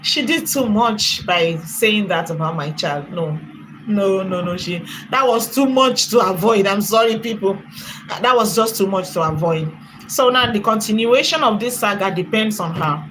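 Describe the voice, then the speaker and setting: A woman's voice: medium pitch, moderate pace, fairly bright tone, slight background noise, poor audio. A woman with a Nigerian accent, chatting and commenting on a live stream, laughing often and thanking viewers for donations at length.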